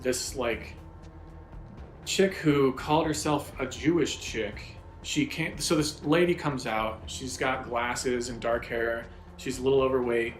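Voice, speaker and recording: A man's voice: medium pitch, steady tone, measured pace. Young guy for a personal story: rambling, swears a lot, self-mocking, echoey room with faint music under him. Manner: rambling, profane, self-deprecating. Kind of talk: casual spoken storytelling.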